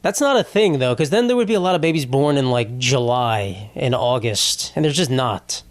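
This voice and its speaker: A man's voice: mid-range voice, animated, moderate pace, no echo. A young man hosting a solo comedy podcast, ranting in a rambling, profane, exasperated way. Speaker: podcast host.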